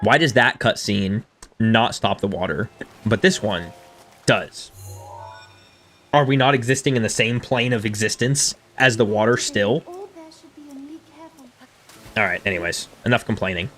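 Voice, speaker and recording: A man in his thirties streaming a game and chatting with his viewers in a casual, self-deprecating way, with quiet music underneath. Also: fairly low pitch, measured pace, long pauses. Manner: chatty and self-deprecating, reading chat aloud. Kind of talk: casual live-stream chat over gameplay.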